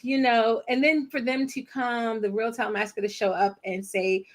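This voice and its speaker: A woman speaking as a panelist in a casual TV review discussion, with an expressive, playful manner. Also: mid-range voice. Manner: expressive, playful, drawn-out asides.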